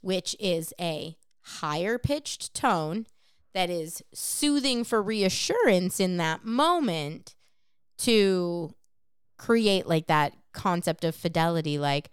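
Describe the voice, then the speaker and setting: A woman's voice: fairly low pitch, animated, slow, smooth, dry recording, studio quality. A woman co-hosting a podcast in casual chat, frank and profane as she explains things at length. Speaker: podcast co-host.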